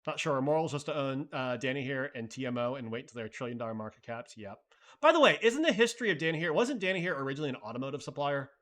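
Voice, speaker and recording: A man's voice: medium pitch, animated, racing, a bit bright. A man hosting a live stream, chatting loosely and thinking aloud while answering viewer messages, with casual swearing. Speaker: livestream host.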